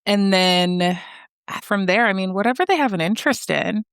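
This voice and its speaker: A chatty woman from the US in her thirties talks as a podcast guest, filling her sentences with "like" and "you know." Her voice is smooth and crisp. The sound is close and dry, with no room around it. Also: medium pitch, normal speed, no echo. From United States. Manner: chatty, animated, many fillers like "like" and "you know". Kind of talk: conversational interview.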